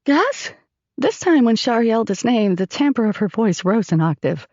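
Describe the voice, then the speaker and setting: A woman narrating an audiobook in first person, expressive and storytelling. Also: mid-range voice, moderate pace, no room sound, highs cut off.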